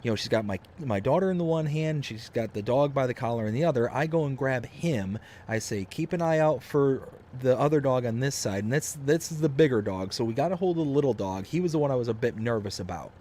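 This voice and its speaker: A young man casually telling a long story on a game live stream, rambling and animated, with lots of fillers. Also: medium pitch, fast, few pauses, slight background noise.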